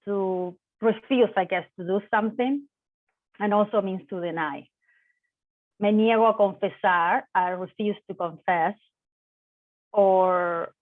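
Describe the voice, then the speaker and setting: This online lesson comes from a Spanish teacher whose first language is Spanish; her mid-range voice arrives over a tinny, dry, phone-like connection. She takes her explanations slowly, with self-corrections and Spanish examples mixed in.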